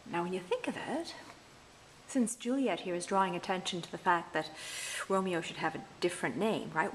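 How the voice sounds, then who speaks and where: A woman with a fairly low voice gives a recorded university lecture. She explains verse meter patiently and chants out the stresses to show the rhythm. Faint noise sits under the recording. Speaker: university English instructor.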